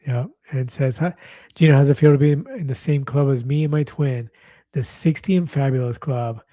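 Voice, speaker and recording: Casting note: talkative livestream host in his fifties, mellow voice, dry close sound. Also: medium pitch, steady tone, normal speed, no echo. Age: 50s. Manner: chatty, reads viewer comments aloud, laughs easily. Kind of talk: casual livestream chat.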